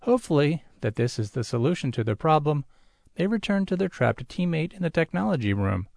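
Creaky-voiced man narrating a story. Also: sing-song, a little fast, darkish tone, dry recording, studio quality. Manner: reads all character voices himself with small pitch shifts. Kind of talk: audiobook narration of a sci-fi story.

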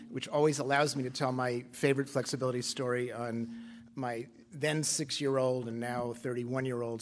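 Older male conference speaker, conversational and self-deprecating, mid-pitched. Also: slight background noise. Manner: conversational, self-deprecating humor, frequent fillers. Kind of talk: conference speech, anecdotal then reading a prepared text.

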